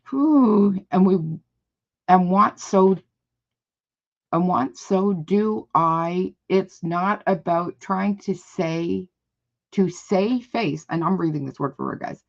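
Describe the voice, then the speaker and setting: Blunt gravelly woman on a dull livestream. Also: lowish voice, takes it slowly. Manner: blunt, indignant, swears freely. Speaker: livestream reaction host. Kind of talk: live reaction commentary, reading comments aloud.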